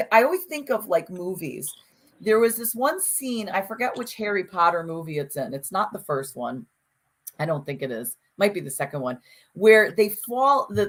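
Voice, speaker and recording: A woman co-hosting a casual conversation podcast, telling stories with lots of restarts and acted-out quotes. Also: mid-range voice. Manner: animated storyteller, frequent restarts and acted-out quotes. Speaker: podcast co-host.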